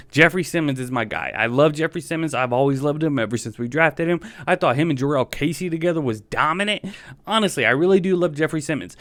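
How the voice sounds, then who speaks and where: A man's voice: a little high, no room sound, clean studio sound. A man hosting a sports fan podcast, ranting in a heated, frustrated way and repeating his points. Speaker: podcast host.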